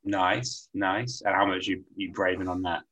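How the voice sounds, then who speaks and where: A man co-hosts a podcast, chatting casually and jokily about weekend football bets and calling the listener mate. His voice sits low with fairly even intonation, a measured pace and a slightly bright tone, and his manner is laid-back and jokey as he trades betting tips.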